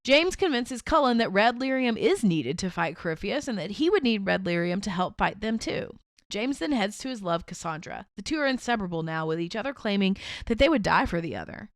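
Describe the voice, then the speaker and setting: A woman's voice: mid-range voice, lively intonation, fairly quick, no room sound. A woman co-hosting a podcast, reading a fan story aloud and often breaking into laughter. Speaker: podcast co-host.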